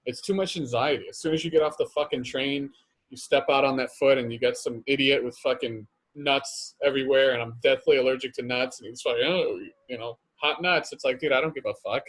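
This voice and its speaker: A man's voice: mid-range voice, steady tone, quick pace. Blunt, complaining man swearing. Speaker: podcast co-host. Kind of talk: casual chat.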